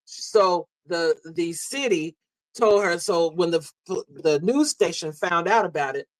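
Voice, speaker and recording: A man telling a story in a live audio discussion, halting and full of fillers. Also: high voice, no room sound, poor audio. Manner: halting, many fillers and restarts. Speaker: guest speaker.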